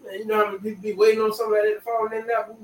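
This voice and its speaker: A man's voice: sits high, little pitch movement, racing. A man hosting a casual chat, drawling and repeating his phrases with slang. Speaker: podcast host. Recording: echoey room from far off.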